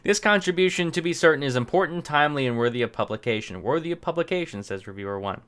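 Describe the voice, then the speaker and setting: A man's voice: a little high, expressive, quick pace, fairly bright tone, clear, resonant tone. A man giving casual commentary on camera, often breaking into laughter as he reads text aloud. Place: home recording setup. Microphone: camera mic.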